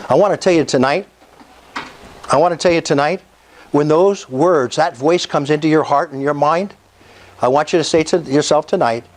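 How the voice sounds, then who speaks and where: A man's voice: fairly high pitch, moderate pace, a little hiss or hum. A man in his sixties giving a fervent, preacher-like motivational speech at an investor meetup, calling out to the audience for responses. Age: 60s. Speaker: speaker at a real estate investor meetup.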